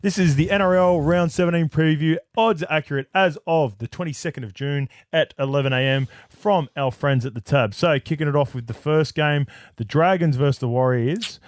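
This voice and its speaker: A man's voice: fairly high pitch, normal speed, few pauses, dry recording, studio quality. An Australian man co-hosting a podcast, previewing games in a laid-back manner and calling listeners mates. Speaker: podcast co-host. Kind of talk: casual sports chat and preview.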